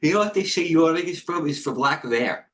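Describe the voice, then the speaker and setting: A middle-aged man hosting a live trading stream, giving casual market commentary in a rambling way, with quick asides, restarts and talking to himself. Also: fairly high pitch, animated, a bit bright. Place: indoor room with a heater on.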